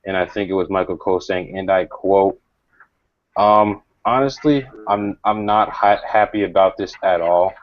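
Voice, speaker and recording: A man hosting a casual panel review, talking calmly and critically with many fillers and pauses. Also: deep voice. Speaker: show host. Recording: dry, dull lo-fi audio.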